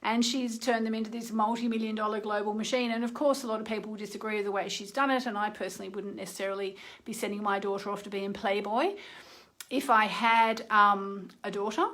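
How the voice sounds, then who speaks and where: A middle-aged woman astrologer hosts a live-streamed talk and guided meditation from her phone, chatting away and often checking in with "okay?". Her medium-pitched voice is steady, fairly bright, and fast.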